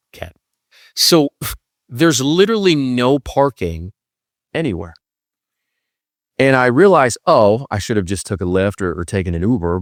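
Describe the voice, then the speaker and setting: A man's voice: on the low side, no room sound, studio quality. A young man from Milwaukee, a podcast co-host, telling a rambling, self-deprecating story full of acted-out asides. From Milwaukee, Wisconsin. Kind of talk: storytelling monologue.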